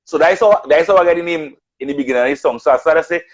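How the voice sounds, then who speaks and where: A man's voice: a little high, very fast, low-quality recording. A man telling stories of his music career in casual chat, acting out what others said. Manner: animated storyteller, acts out quotes. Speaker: radio announcer and artist.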